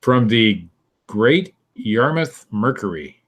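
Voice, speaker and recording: A man's voice: fairly low pitch, big pitch swings, takes it slowly, a bit bright. A man co-hosting a podcast, reading odd news stories aloud in a dry, sarcastic way and laughing at them. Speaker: podcast co-host.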